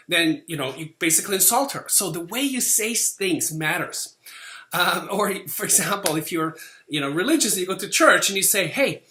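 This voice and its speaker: Lively, bright-voiced male sales instructor, casual lecture delivery, roomy echo. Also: high voice, moderate pace. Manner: lively, conversational, acts out quoted lines, frequent "okay?" checks.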